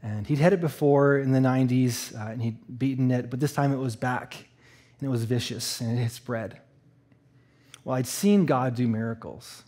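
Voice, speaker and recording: A man from Eastern Canada telling a personal story in a sermon, animated and laughing, acting out the voices. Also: mid-range voice, moderate pace. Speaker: church speaker.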